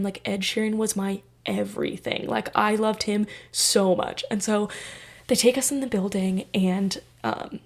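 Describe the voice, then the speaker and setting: Gravelly-voiced young woman telling a story. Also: medium pitch. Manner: animated, full of "like" fillers, acts out voices and drops to whispers. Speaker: podcast host. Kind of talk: casual storytelling.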